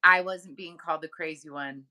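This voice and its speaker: A woman's voice: deep voice, fairly even intonation, moderate pace, pushed and bright. A woman co-hosting a casual talk show, telling a personal story with lots of fillers and acting out the voices of people she quotes. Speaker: medium and podcast co-host.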